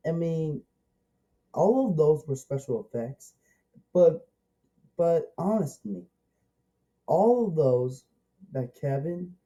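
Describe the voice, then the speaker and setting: A man's voice: mid-range voice, dark tone, rough recording. A man giving a casual, rambling movie review, eager and repetitive, restarting his sentences often.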